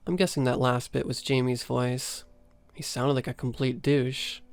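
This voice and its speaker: Man, horror story narrator, smooth resonant voice, steady first-person telling. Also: medium pitch, normal speed, no echo, soft background music.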